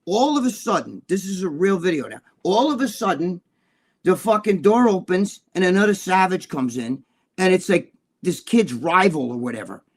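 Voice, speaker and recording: A man's voice: high voice, animated, normal speed. A man co-hosting a casual talk show, ranting bluntly and swearing a lot. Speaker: co-host.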